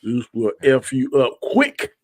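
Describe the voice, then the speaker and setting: A man's voice: mid-range voice, huge pitch swings, slow, no room sound, clean studio sound. A man co-hosting a casual podcast chat, talking in folksy slang and drawing out his emphatic lines. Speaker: podcast co-host.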